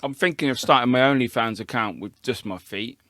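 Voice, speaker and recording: A man's voice: medium pitch, fairly quick, fairly bright tone. A man, co-hosting a podcast with cheeky, laughing banter. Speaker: podcast co-host. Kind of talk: casual chat.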